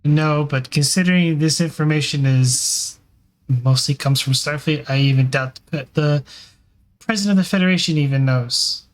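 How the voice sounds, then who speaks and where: A man's voice: on the high side, moderate pace, close to an everyday voice. A man playing a pushy woman reporter. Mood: insistent. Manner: pushy, determined questioning. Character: persistent female news reporter, young adult. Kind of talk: tabletop role-play in character.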